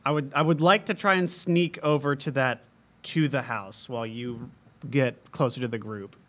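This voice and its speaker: A man's voice: medium pitch, moderate pace. A man playing a tabletop game, asking questions and going along with his party. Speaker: player. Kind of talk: casual tabletop play.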